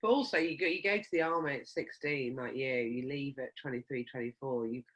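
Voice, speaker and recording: A man's voice: medium pitch, brisk, a bit bright, breathy edge. A man hosting a casual podcast interview, asking long rambling questions between short agreeing replies. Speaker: podcast host. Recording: dull lo-fi sound.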